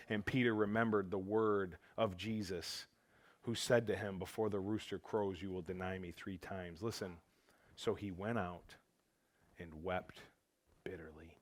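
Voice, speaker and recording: Animated pastor. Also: male voice, medium pitch. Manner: animated, swings from loud to hushed, acts out quotes. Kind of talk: sermon. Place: church auditorium.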